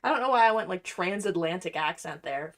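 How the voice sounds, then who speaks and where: A woman's voice: fairly low pitch, animated, fairly quick. Chatty young woman streaming while crafting. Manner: chatty, playful, self-deprecating. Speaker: cosplay streamer. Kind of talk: casual livestream chat while crafting.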